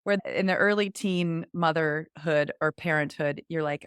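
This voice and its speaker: Low-voiced woman co-hosting a podcast. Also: smooth, no room sound, clean studio sound. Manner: candid, reflective, quick asides. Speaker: podcast co-host. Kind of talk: casual chat.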